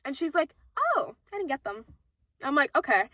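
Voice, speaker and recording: A woman's voice: high-pitched, moderate pace, no room sound. A young woman telling workplace stories in casual chat, swearing often and acting out the people she quotes. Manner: animated, swears a lot, acts out quoted people. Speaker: co-host telling work stories.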